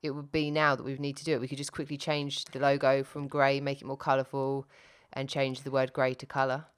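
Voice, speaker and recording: A woman's voice: extremely low pitch, flat delivery, a little fast, clear, resonant tone. A woman co-hosting a casual podcast, chatty and self-interrupting, often laughing at her own slips. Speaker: podcast co-host.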